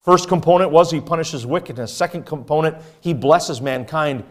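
A man's voice: a little high, moderate pace. A man preaching a conversational sermon in a church auditorium, often putting questions to the congregation. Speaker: pastor.

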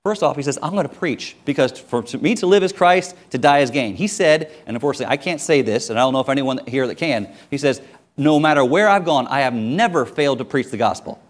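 A man preaching a sermon as a missionary, telling stories with sudden swings between loud and quiet. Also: medium pitch, lively intonation, quick pace.

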